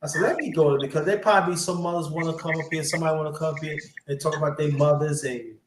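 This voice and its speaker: A man's voice: fairly high pitch, steady tone, quick pace. A man hosting a casual livestream chat, rambling with many fillers and restarts. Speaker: livestream host. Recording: echoey room with background noise.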